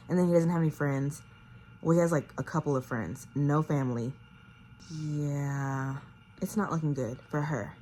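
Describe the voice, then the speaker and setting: Low-voiced chatty woman booktuber. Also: moderate pace, a little hiss or hum. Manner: chatty, animated, drops into a hushed whisper when scared. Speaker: book vlogger. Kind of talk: casual chat reviewing a thriller. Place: home living room.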